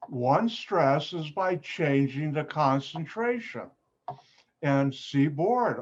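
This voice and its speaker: A man with a Chicago accent teaching an online chemistry lab, joking with the class and breaking into sudden high exclamations. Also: lively intonation, slow pace. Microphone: video call. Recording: slightly dull video call audio.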